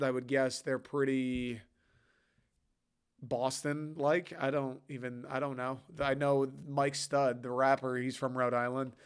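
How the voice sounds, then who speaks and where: A man's voice: medium pitch, smooth. A young man from Michigan hosting a solo podcast, rambling in an offhand, casual way and swearing freely. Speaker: podcast host.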